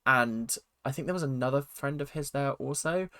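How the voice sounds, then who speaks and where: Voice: medium pitch, normal speed, fairly bright tone, no room sound, studio quality. A speaker giving a casual, chatty recap of a reality TV episode and acting out quotes in silly voices. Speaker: reality TV reaction vlogger.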